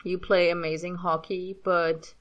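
A woman's voice: on the low side, level tone, measured pace, highs cut off. A woman in her thirties with a light German accent, chatting in a rambling, self-deprecating way about her recordings. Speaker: fan audio reader. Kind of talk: casual spoken commentary.

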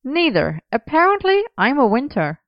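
A woman's voice: high voice, sing-song, moderate pace, no echo, muffled recording, voice pushed up. A woman voicing a playful, whinging young male dancer, raising her voice for him, in a storybook reading. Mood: whiny. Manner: whinging and teasing.

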